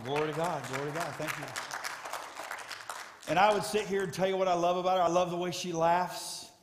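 A middle-aged man preaching a sermon as pastor, emotional and animated as he tells stories. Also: a little high. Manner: emotional, storytelling with rising excitement. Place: church sanctuary. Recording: echoey church hall with music. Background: soft guitar music.

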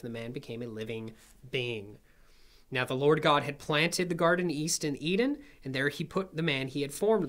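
A man's voice: medium pitch, a bit bright. Bible study teacher, man, conversational and explanatory, keeps asking "right?". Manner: explanatory, asks checking questions.

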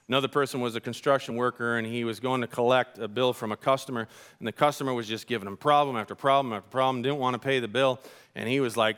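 Bright-voiced pastor telling stories. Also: male voice, medium pitch, quick pace, clean tone. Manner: conversational, animated storytelling with casual slang. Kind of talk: sermon with storytelling.

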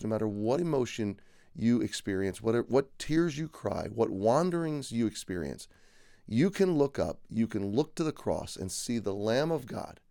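A man's voice: mid-range voice, creaky, a little mellow, no echo, studio quality. A male pastor giving a daily devotional Bible teaching, earnest and repeating phrases for emphasis.

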